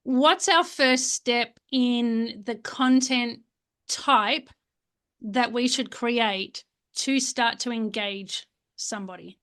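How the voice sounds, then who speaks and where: A woman's voice: a little high, slow pace, fairly bright tone. A woman hosting a podcast interview, upbeat and enthusiastic. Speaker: podcast host.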